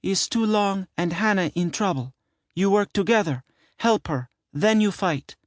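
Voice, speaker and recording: A man's voice: high voice, measured pace, no room sound, clean studio sound, voice pushed up. A man voicing an older woman, a mother who speaks broken English in short, urgent phrases in an audiobook.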